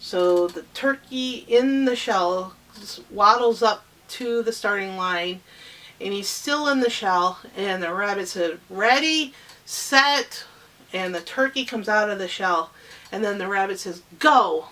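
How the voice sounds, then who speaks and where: A woman improvising a children's story, rambling and halting with many fillers and restarts. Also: mid-range voice, fairly bright tone, far from the mic.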